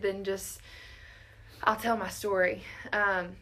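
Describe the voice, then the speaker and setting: A woman's voice: medium pitch, fairly even intonation, normal speed, sharp tone. A college-aged woman earnestly telling a personal faith story in casual chat, often quoting her own thoughts. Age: around 20. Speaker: guest sharing testimony.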